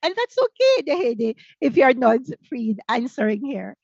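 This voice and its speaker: Lively Jamaican woman leading teacher training. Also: a little high, normal speed, vocal fry, no room sound, muffled recording. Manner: energetic, asks many rhetorical questions. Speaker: workshop facilitator.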